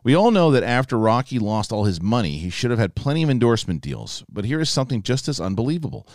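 A man's voice: medium pitch, fast talker, dry recording, studio quality. A man co-hosting a casual live show, reading viewer messages and telling rambling stories. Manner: rambling, animated storytelling. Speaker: co-host. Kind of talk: casual live-stream chat.

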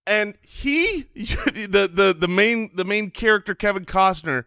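A man co-hosting a comedy podcast, trading jokes in casual banter with quick asides. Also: high-pitched, clear, resonant tone, no room sound, clean studio sound. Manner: animated, joking, quick asides. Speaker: podcast co-host.

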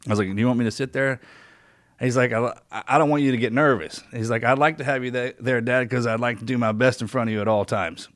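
Animated male storyteller, dry sound. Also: mid-range voice, fast, no room sound. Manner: animated storyteller, laughs often. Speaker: podcast co-host. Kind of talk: casual chat.

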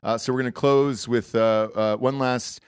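A man chats loosely on his podcast, mid-pitched, dropping swear words and filler sounds. The sound is dry and close with no room echo. He rambles from one thought to the next. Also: steady tone, normal speed, clear, resonant tone. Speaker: podcast host. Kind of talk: casual chat.

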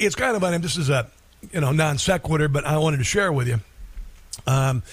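Halting, reflective male radio host. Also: mid-range voice, dry recording. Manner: halting, many restarts and fillers. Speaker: radio talk show host. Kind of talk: personal story on talk radio.

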